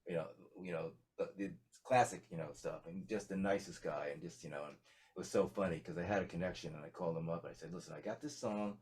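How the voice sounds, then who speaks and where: A man's voice: sits low, quick pace, darkish tone. A man talking as a guest musician in a casual interview, rambling with many fillers and restarts.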